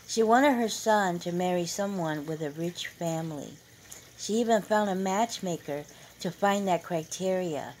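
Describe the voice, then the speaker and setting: A woman reads a novel chapter aloud in a steady, measured way. Her voice sits somewhat low, with faint noise in the background. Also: rough recording. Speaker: narrator.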